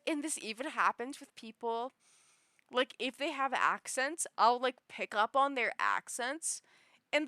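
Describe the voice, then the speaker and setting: Woman streamer, high voice, unhurried rambling, lots of fillers, pitch shifting around, dry close mic. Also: sharp tone, smooth, no room sound. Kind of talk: casual chat.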